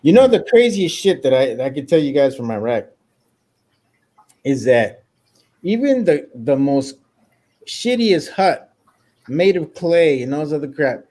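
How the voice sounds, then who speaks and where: An American man chatting on a podcast, cursing freely and jumping into loud impressions. His voice sits a bit high and swings widely in pitch as he tells stories. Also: unhurried, long pauses. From United States. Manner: profane, animated storytelling with loud impressions. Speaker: podcast co-host, military veteran. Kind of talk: casual chat.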